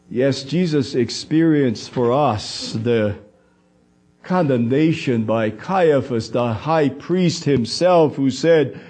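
A man preaching a sermon in a high voice, unhurried and deliberate. He leans on dramatic pauses and slips into the quoted words of others as he goes. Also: a little mellow.

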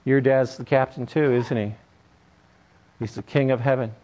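A man's voice: mid-range voice, fairly even intonation, normal speed, darkish tone, low-quality recording. A male preacher delivering a sermon, telling a story in an emphatic way.

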